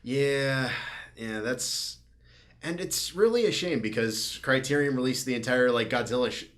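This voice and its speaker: A man's voice: mid-range voice, measured pace, fairly bright tone. Laid-back laughing male podcast co-host. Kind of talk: casual podcast chat.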